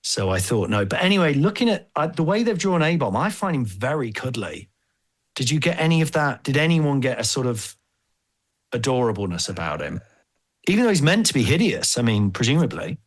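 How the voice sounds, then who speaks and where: Animated, jokey man. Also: mid-range voice, brisk. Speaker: podcast host. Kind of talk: casual podcast chat.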